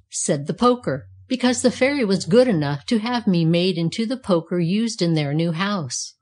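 A woman reads aloud from a storybook, voicing a cheerful, self-satisfied talking fire poker. She speaks calmly in a fairly low pitch.

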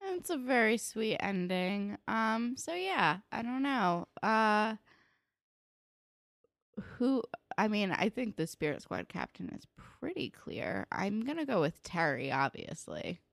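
A woman's voice: mid-range voice, sing-song, slow pace, gravelly, dry recording. A woman casually recapping a TV episode as a podcast co-host, chatty and full of fillers, often acting out characters' lines.

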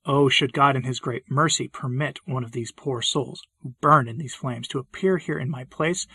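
A man's voice: medium pitch, moderate pace, hardly any pauses, pushed and bright, breathy edge, no echo. A man preaching a solemn sermon, reading it with impassioned pleading.

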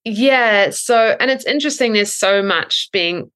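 A woman in her thirties, a breathwork coach, explaining thoughtfully in a podcast interview with frequent ums and soft laughs. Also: mid-range voice, a little slow, smooth.

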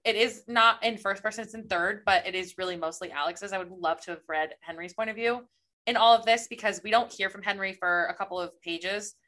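A woman's voice: medium pitch, fairly quick, pushed and bright. A woman co-hosting a podcast, recapping a novel in a casual, enthusiastic ramble. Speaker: podcast co-host. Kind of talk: casual book chat.

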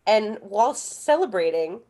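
Lively higher-voiced woman. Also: a little slow. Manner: lively, playful reactions. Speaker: podcast co-host. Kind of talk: casual recap chat.

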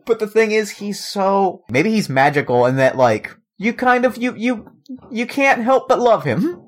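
A woman's voice: medium pitch, sing-song, unhurried. A woman co-hosting a comedy podcast, giggling and riffing along in improvised worldbuilding. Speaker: podcast co-host.

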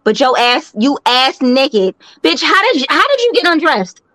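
A woman in her thirties co-hosting a casual chat, loud and blunt, often laughing. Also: high-pitched, very animated, normal speed, no echo. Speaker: podcast co-host.

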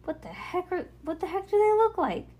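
A woman voicing an excitable, worried young boy camper in a storybook reading. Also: a little slow, natural voice. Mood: eager. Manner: high, eager questions.

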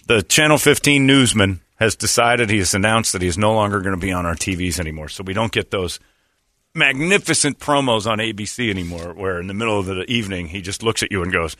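A man hosting a talk show, telling comic stories in a loose, chatty way and acting out other people with sudden loud yelps. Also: fairly low pitch, fast, no echo, studio quality. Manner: animated, acts out voices with loud yelps. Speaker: radio show host. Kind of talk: casual comedic storytelling.

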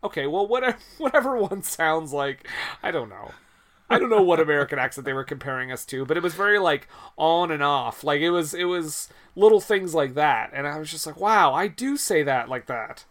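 A man's voice: on the high side, animated, fairly quick, a bit bright. A Canadian man co-hosting a casual podcast chat, laughing often, swearing and restarting his sentences. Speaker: podcast co-host.

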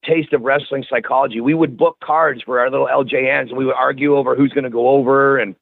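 Guy in his 40s, swears a lot, animated storyteller, tinny phone sound. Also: medium pitch, fast talker, vocal fry, no room sound. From Canada. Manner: profane, animated, restarts words. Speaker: podcast guest, wrestler. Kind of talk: casual storytelling chat.

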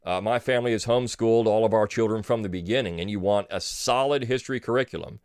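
A man's voice: fairly low pitch, a little mellow, smooth, no echo, studio quality. A middle-aged man hosting a podcast, giving sarcastic political commentary and pretending to choke up with tears. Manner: mock-tearful, sarcastic pauses. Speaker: podcast host.

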